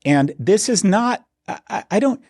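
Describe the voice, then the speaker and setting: A man's voice: high voice, very animated, unhurried, darkish tone, no echo, clean studio sound. A middle-aged man co-hosting a podcast, telling stories sardonically and building to indignant emphasis. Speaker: podcast co-host. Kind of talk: casual opinionated chat.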